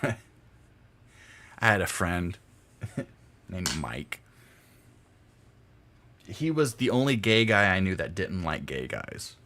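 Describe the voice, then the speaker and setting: A man's voice: low-pitched, big pitch swings, slow, long pauses, bright, forceful tone, slight background noise. A young adult man chatting casually on a game stream, rambling through stories and laughing often. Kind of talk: casual gameplay stream chat.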